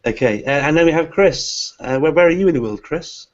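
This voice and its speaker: A man's voice: on the high side, lively intonation, brisk. A man hosting a live online webinar for teachers, introducing guests with many hesitant "uh" fillers. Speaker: host. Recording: lo-fi online call audio.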